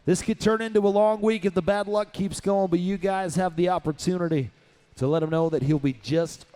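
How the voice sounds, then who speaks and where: A man's voice: high-pitched, steady tone, brisk, dark tone, dry recording. A man calling a live rodeo as announcer, with hyped, punchy play-by-play calls.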